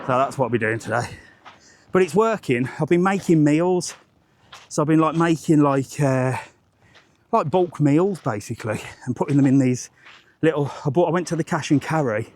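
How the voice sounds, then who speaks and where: A man's voice: a little high, a little hiss or hum. A man, chatting rambling and jokey on a live walking vlog outdoors, swearing casually, into a handheld phone. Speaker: travel vlogger.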